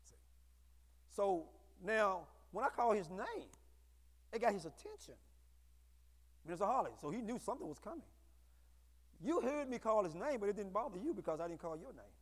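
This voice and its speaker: High-voiced preaching man in an echoey hall. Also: expressive, moderate pace, pauses often. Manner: call-and-response preaching, rising to shouts. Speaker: pastor. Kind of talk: sermon. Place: church sanctuary.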